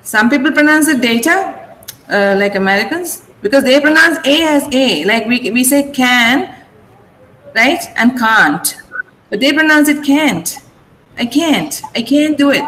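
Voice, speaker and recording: Patient Indian English teacher, echoey room. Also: female voice, high-pitched, lively intonation, a bit bright. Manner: slow, deliberate, repeats words for pronunciation drills. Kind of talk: online class teaching. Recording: echoey room with faint noise.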